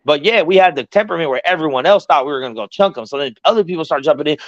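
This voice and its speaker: Fast-talking animated man telling a story. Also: on the high side, dry recording, highs cut off. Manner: animated, profane, acts out quoted voices. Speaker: podcast host. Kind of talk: casual storytelling chat.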